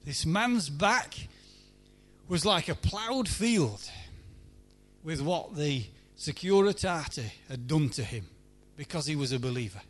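A man preaching a sermon at a church meeting, emphatic, swinging between loud pleading and hushed lines. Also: fairly high pitch, expressive, takes it slowly.

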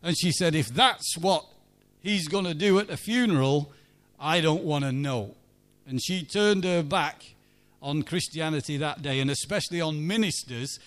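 A man's voice: on the high side, normal speed. A church minister telling a chatty story in a sermon and asking his listeners for agreement. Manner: chatty, anecdotal, asks the congregation for agreement.

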